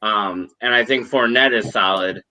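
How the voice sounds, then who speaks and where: Bright-voiced man on a video call. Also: fairly low pitch, normal speed, rough recording. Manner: laid-back, joking, talks in bursts. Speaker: podcast co-host. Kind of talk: casual chat.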